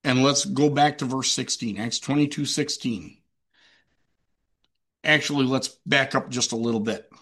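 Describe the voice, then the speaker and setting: A man's voice: mid-range voice, fairly even intonation, moderate pace, fairly bright tone. A man preaching a sermon emphatically, with rhetorical questions and repetition.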